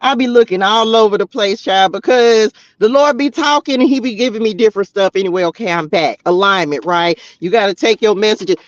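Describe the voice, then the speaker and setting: A high-pitched man talks straight to the camera in a chatty, exclamatory way, calling out to his viewers as he reads the cards. The sound is dry and close, with a dull, slightly lo-fi quality. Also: a little fast, few pauses, no echo. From Texas, US. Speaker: spiritual tarot vlogger. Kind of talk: casual spiritual message to viewers.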